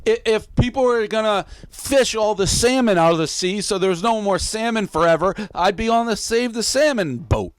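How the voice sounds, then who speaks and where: A man's voice: high voice, moderate pace, hardly any pauses, clear, resonant tone, no room sound, poor audio. A man hosting a casual blog show, ranting heatedly with lots of swearing. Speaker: show host. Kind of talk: casual sports-blog banter.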